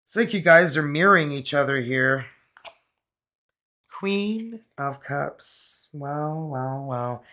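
A woman's voice: low voice, lively intonation, slow, fairly bright tone. A Canadian woman giving a casual, rambling tarot reading to camera, with lots of fillers and laughter. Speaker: tarot reader.

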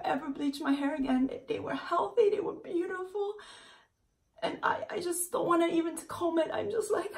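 A woman vlogging to camera in a panicky, breathy way, often close to tears. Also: high-pitched, a little mellow. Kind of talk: distressed casual vlog to camera. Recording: voice a little far from the mic.

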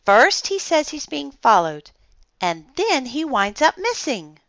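A woman voicing an excitable young girl with a high, shrieking voice in a storybook reading. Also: extremely slow, dry recording, lo-fi sound, exaggerated voice. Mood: excited.

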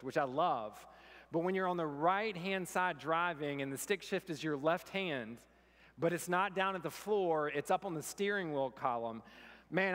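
An American pastor preaches in a church sanctuary, blending humorous personal stories with scripture and poking fun at himself. His voice sits on the high side with a fairly bright tone, and the sound is that of a big room.

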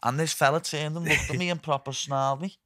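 A young man with a Liverpool Scouse accent hosting a podcast, telling stories in lively, sweary casual chat full of "lad". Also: on the high side, quick pace, dry recording, studio quality. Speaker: podcast host. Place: podcast studio.

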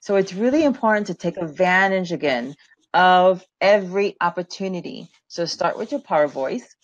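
A woman with a low-set voice teaches a business webinar over a video call, lively and quick to laugh. The sound is dull and lo-fi, and it is dry and close with no room around it. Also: no room sound. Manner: lively, laughs often, repeats words while talking.

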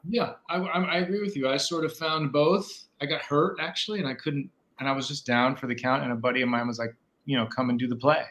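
A man's voice: fairly high pitch, steady tone, fast talker, a bit bright. A middle-aged man from Pennsylvania, a guest actor chatting playfully over a video call. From Pennsylvania, USA. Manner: playful, joking. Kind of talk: casual interview chat.

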